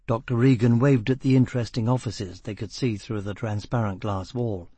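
Male narrator, audiobook, measured reading, husky, mid pitch. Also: dark tone, no echo. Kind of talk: scripted narration.

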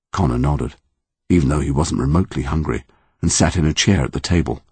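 A deep-voiced man reads a story aloud with a husky grain. His delivery swings widely in pitch, and the recording is close and dry. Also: no room sound. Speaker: audiobook narrator. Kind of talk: scripted narration.

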